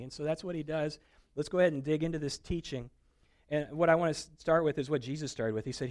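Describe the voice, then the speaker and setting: A man preaching a conversational sermon, his voice a touch higher than most men's. He swings his pitch widely, jumping up for quoted voices and dropping low for serious points. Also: quick pace, a little mellow. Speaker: pastor.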